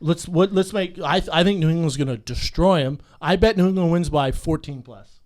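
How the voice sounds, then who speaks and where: Man, podcast co-host, casual banter, joking, insistent, high voice. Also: normal speed, a little mellow. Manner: joking, insistent, repeats himself.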